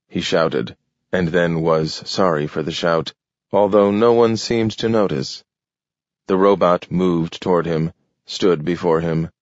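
A man narrating a story in a measured, steady way. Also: deep voice, no echo. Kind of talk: scripted audiobook narration. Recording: dull, dry lo-fi recording.

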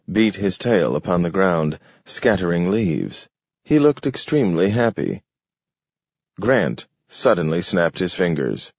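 Slow, deliberate male audiobook narrator. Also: low voice, sing-song, no echo. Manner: measured, deliberate reading. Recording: dull lo-fi recording.

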